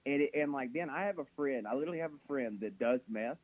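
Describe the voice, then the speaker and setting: A man's voice: mid-range voice, quick pace. A man hosting a radio comedy show, telling jokey stories in casual banter and acting out quotes. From American South. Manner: animated storyteller, acts out mocking quotes, laughs a lot. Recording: slightly dull radio broadcast audio.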